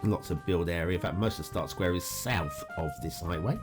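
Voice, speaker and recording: This game review show host talks through gameplay in a chatty, upbeat manner, often saying "uh." He speaks a little fast in a low-pitched voice over faint guitar music.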